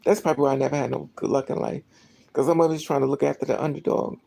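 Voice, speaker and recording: Vlogger, casual storytelling, gravelly voice, dark mellow tone, rambling, many restarts. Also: medium pitch, rapid-fire. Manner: rambling, animated, acts out dialogue, many restarts.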